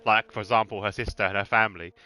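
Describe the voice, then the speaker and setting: A man from East London with a Cockney accent softened by a faint Birmingham lilt, his voice bright and forward. He commentates on a sim race in a loose, chatty way, laughing easily and slipping into other accents. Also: fairly low pitch, fairly even intonation, rapid-fire. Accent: Cockney with a slight Birmingham twang. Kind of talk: casual live sim-racing commentary.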